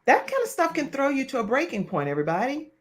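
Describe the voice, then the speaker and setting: A woman's voice: high voice, wildly swooping pitch, fast. Woman, talk show host, playful, teasing, laughing, video call. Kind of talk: lively online talk show chat.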